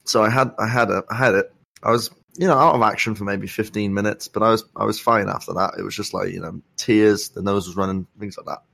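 A young man with a sore throat talks in a low, gravelly and husky voice, softer than usual. He tells a rambling story with dry humour in a casual chat, recorded close and dry. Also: fairly even intonation, quick pace, dry recording. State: sore throat, soft-spoken. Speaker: podcast co-host.

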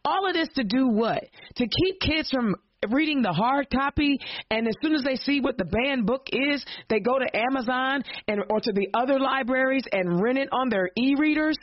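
A woman's voice: high voice, expressive, moderate pace, no room sound. A woman hosting a political podcast, ranting with passion and rhetorical questions in casual slang, then introducing her sponsors and guests. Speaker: podcast host. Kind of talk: impassioned political rant and show hosting. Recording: dull lo-fi dry podcast audio.

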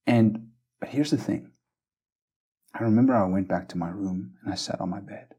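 A man's voice: lowish voice, normal speed, mellow, slightly rough. A man from South Africa, a guest on a faith podcast, telling stories earnestly, often stumbling over repeated words and checking in with "right?". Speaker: missions base leader, guest. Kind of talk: conversational storytelling interview.

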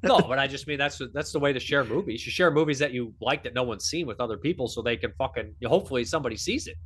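Animated, swearing podcast host man. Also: medium pitch, fast, breathy edge. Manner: animated, swearing, acts out voices. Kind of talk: casual chat.

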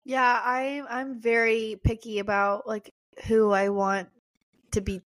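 Young woman cohosting a chill podcast, kinda high voice, says like a lot, acts out little quotes. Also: flat delivery, takes it slowly, fairly bright tone. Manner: chatty, lots of "like", acts out quotes. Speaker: podcast co-host. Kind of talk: casual chat.

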